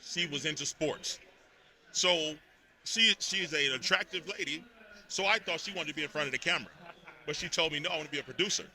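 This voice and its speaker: A man from Texas, a podcast guest telling stories in a lively, emphatic way at a live event. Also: fairly high pitch, brisk. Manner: animated storytelling, emphatic repetitions. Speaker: podcast network host, guest. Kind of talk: casual interview talk.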